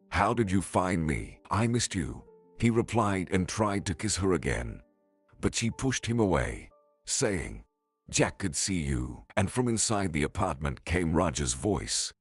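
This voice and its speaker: Male story narrator, very deep, husky, lively pitch.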